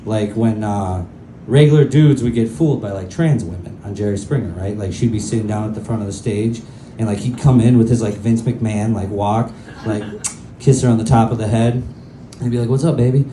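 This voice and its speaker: A man's voice: lowish voice, brisk, mellow, a little hiss or hum. A male stand-up comedian telling crude, self-mocking stories in a loose, rambling way on a comedy club stage. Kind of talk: stand-up set. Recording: roomy club with faint ambience.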